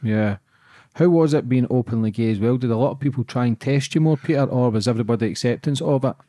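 A Scottish man in his thirties, hosting a podcast, asking halting, gentle interview questions. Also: medium pitch, dry recording, clean studio sound. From Scotland. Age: 30s. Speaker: podcast host.

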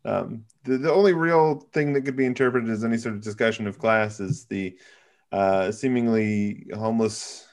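A man with a fairly low voice talks through a film with friends in an easygoing way. He hesitates a lot, restarting sentences and filling gaps with ums and you-knows. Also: normal speed, darkish tone. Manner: hesitant, many fillers and restarts. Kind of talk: casual film discussion.

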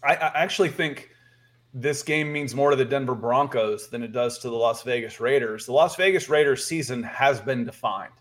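A man from Georgia co-hosts a sports podcast. He talks in a casual, rambling way, repeats his words and chuckles now and then. His pitch sits in the middle for a man. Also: normal speed. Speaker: podcast co-host.

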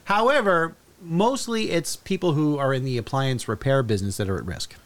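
A man's voice: fairly high pitch, moderate pace. A man co-hosting a casual podcast chat, reciting facts in a hesitant way with many fillers. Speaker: podcast co-host.

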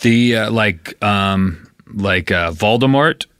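Casting: lowish monotone man, halting and deadpan, crisp dry studio sound. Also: dry recording. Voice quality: slow, dull monotone. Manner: halting, full of fillers. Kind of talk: casual comedic chat.

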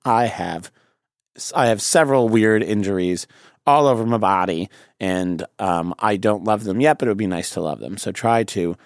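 A man's voice: lowish voice, dry recording. Ranty male comedian with dry close sound. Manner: ranty, rambling, quick to put on silly voices. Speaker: comedian guest. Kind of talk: comedic podcast banter.

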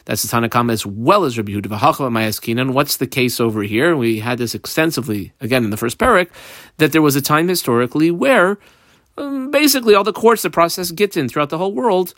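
A man teaching a Talmud lesson step by step, reading Aramaic phrases and explaining them in English with lively jumps in pitch. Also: no echo, clean studio sound. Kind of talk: daf yomi Talmud lesson.

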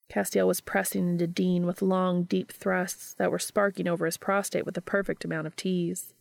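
Female narrator, steady reading, low with gravelly fry. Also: moderate pace, few pauses, no echo. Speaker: audiobook reader. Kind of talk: narrating an erotic story.

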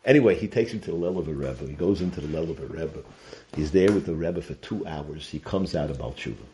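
A man's voice: rumbling low, expressive, fairly quick, dark tone, slight background noise. A man giving a Torah talk, telling stories and sprinkling in Yiddish and Hebrew terms. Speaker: Torah teacher.

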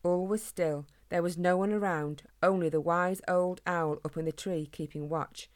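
Woman, storybook narrator, calm, gentle, lowish voice, dry close sound. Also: normal speed, no room sound. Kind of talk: storybook reading.

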